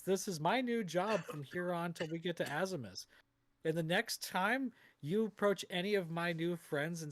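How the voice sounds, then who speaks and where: A man's voice: fairly high pitch, no room sound, close to an everyday voice. A man voicing a smug, defiant male thief who has taken over a ship's helm, talking in a mocking, taunting way.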